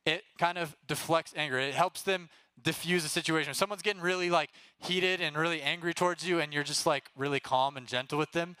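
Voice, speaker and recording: Upbeat young preacher with a bright, crisp voice. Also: male voice, a little high, dry recording. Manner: casual and energetic, often checks in with "right?"; talks straight to the group and gets them to call out answers. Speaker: youth pastor. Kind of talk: youth group sermon.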